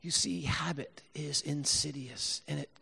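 A middle-aged man preaching a reflective sermon in a church, with a somewhat high voice. He repeats phrases for weight and drops from loud emphasis to near-hushed asides. A long reverb hangs after his words. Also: steady tone, unhurried, creaky, breathy edge. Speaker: pastor.

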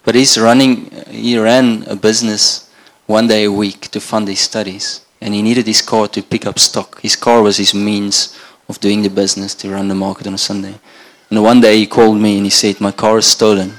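Gravelly, even-toned male preacher from Namibia. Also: on the low side, moderate pace. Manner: earnest, conversational preaching with restarts. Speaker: pastor. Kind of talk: sermon.

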